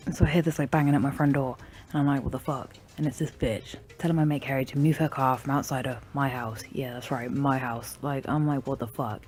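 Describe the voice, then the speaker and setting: A woman's voice: deep voice, a little mellow. A woman telling a true story to viewers in a brash, sweary, mocking way. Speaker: story narrator.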